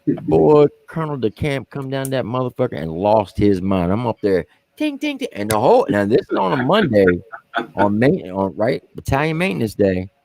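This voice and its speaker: A man and army veteran co-hosting a podcast, telling profane war stories in a casual, animated way and acting out what others said. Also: normal speed, creaky, no room sound. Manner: animated, profane, acts out quotes in high voices. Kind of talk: casual storytelling among veterans.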